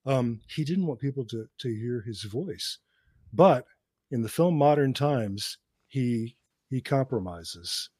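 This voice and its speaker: A cinema professor co-hosting a podcast chats casually, telling film history like a lecture and laughing between points. His mid-range voice is warm and expressive at a slow pace, with clean studio sound and no room echo.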